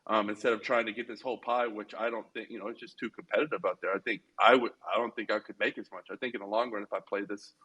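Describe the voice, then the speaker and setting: A man's voice: on the low side, steady tone, quick pace, hardly any pauses, pushed and bright, breathy edge, lo-fi sound. A man co-hosting a casual podcast chat, talking earnestly and thinking aloud with many fillers. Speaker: podcast co-host.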